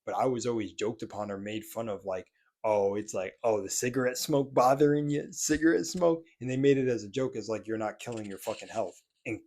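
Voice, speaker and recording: A man's voice: on the low side, a little mellow. A young man with a slight lisp, talking candidly in a casual vlog from a room in his apartment, earnest, with some swearing and many restarts. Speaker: spiritual vlogger.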